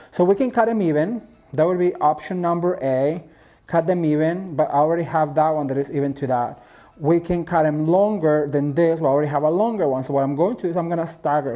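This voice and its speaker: A man from Mexico walks viewers through a home decor craft at his table at home. His voice is mellow and warm, and his talk is chatty and full of gushing praise for his work. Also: on the high side. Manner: chatty and gushing, calls viewers "you guys" and "honey". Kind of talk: DIY craft tutorial.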